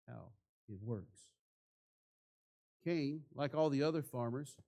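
A man preaching a sermon in church, asking the congregation rhetorical questions. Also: medium pitch. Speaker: pastor.

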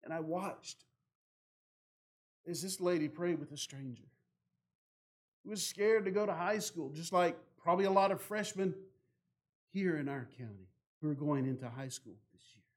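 A man, a pastor telling a story from the pulpit, growing louder and more animated in the dramatic parts. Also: fairly high pitch, moderate pace, pauses often. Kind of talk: sermon storytelling.

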